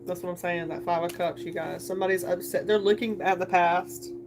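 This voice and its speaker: A woman's voice: lowish voice, steady tone, fairly quick. A woman hosting a live tarot reading stream, chatting casually and rambling to her viewers. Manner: chatty, rambling, addresses viewers as you guys. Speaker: tarot reader livestream host. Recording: singing bowl music playing behind.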